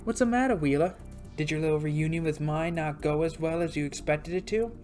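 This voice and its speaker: A woman's voice: low-pitched, brisk, warm tone, faint music behind, close to an everyday voice. A woman putting on a cocky thug. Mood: taunting.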